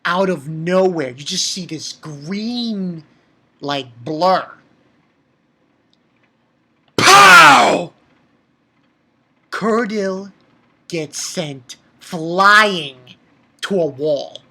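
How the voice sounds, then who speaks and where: A man casually recapping an anime episode in an excitable way, swearing and stumbling over fillers and restarts. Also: high-pitched, extremely slow.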